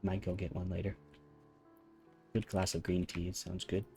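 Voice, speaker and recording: Chill, soft-spoken male game streamer with a mellow voice and faint music behind. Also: sits low, completely flat delivery, moderate pace. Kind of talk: casual chat while gaming. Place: home room with rain on the ceiling.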